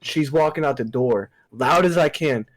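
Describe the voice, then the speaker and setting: Animated young man telling work stories. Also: fairly high pitch, normal speed, dry recording, poor audio. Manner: animated storytelling, laughing and acting out coworkers. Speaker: podcast co-host. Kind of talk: casual podcast chat. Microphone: podcast mic over internet call.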